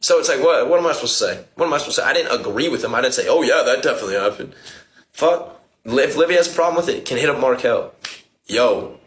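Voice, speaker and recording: A man's voice: mid-range voice, racing, a bit bright, roomy sound. A man streaming live who thanks his viewers and swears in exasperation as he reacts. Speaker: livestreamer. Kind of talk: casual live-stream chat.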